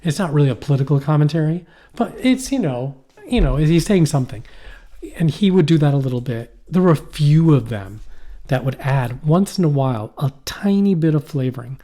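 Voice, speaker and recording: A man's voice: fairly high pitch, expressive, a little fast, mellow. A middle-aged man co-hosting a podcast in casual chat, rambling and profane, often trailing off and restarting. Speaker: podcast co-host. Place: poorly heated shack.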